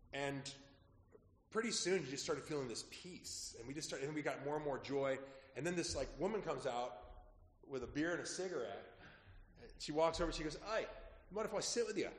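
A man preaching as a pastor, telling stories in a lively, conversational way that drops quietly at asides. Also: on the high side, a little fast. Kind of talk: sermon storytelling. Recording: echoey hall with long reverb.

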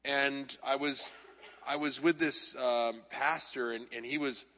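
Bright-voiced pastor telling sermon stories. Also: male voice, mid-range voice, unhurried. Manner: lively anecdotes with self-deprecating humor. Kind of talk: storytelling sermon. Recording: long reverb of a large hall.

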